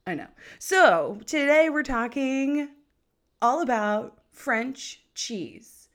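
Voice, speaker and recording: A woman's voice: high voice, lively intonation, very slow, a bit bright. A woman hosting a podcast, chatting in a bubbly, enthusiastic way that rambles with fillers. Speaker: podcast host.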